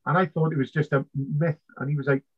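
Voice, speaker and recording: Animated British navy veteran telling stories. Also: male voice, fairly high pitch, quick pace, slightly rough. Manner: animated, swears freely, acts out past dialogue. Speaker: interview guest, navy veteran. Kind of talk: storytelling in conversation. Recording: slightly muffled lo-fi sound.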